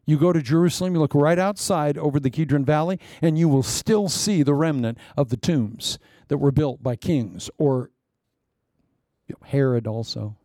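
An animated male preacher who peppers his sermon with rhetorical questions and chuckles. His voice sits a bit high with a warm, mellow tone. The sound is dry and close. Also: moderate pace, no room sound.

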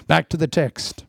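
A man preaching a lively sermon with jokes, swinging between loud punchlines and soft asides. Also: no room sound, clean studio sound. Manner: animated, joking, often laughing, drops to soft asides.

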